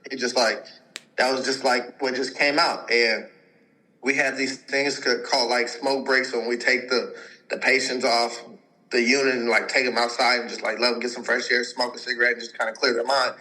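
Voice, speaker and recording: A man's voice: medium pitch, little pitch movement, normal speed, sharp tone, low-quality recording. A man in his twenties, a podcast guest, telling a long personal story in a rambling way, full of filler words and acted-out quotes from other people. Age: 20s. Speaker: podcast guest, pro football player. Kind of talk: casual storytelling.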